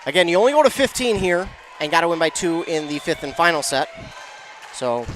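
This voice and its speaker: A man giving excitable play-by-play commentary on a high school volleyball match, shouting on big plays. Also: brisk, a little hiss or hum.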